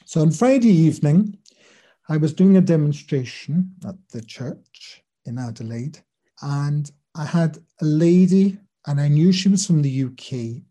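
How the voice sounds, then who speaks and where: A man talks through his experiences as a medium in a relaxed interview. His voice is deeply mellow and dark-toned, and his delivery is earnest and patient as he explains his ideas. He softens noticeably whenever he recounts what someone else said. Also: measured pace. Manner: earnest, explanatory, drops soft when quoting others. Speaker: spirit medium and teacher. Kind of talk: conversational interview storytelling.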